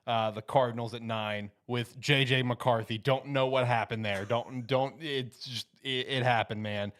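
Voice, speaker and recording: A man's voice: mid-range voice, steady tone, a little slow, fairly bright tone. A man hosting a casual podcast, rambling and laughing often as he runs a mock draft. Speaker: host running a mock draft.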